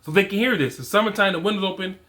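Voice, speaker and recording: A man's voice: high-pitched, rapid-fire, bright, forceful tone. A man in his forties giving casual, emphatic motivational talk to other men, repeating his points with slang. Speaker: fatherhood and men's coach.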